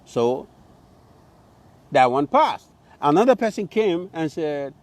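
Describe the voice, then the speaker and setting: Animated middle-aged man giving a pep talk. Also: sits high, measured pace, long pauses. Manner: animated storyteller with exclamations. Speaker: motivational speaker. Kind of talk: motivational talk to camera. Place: Minnesota.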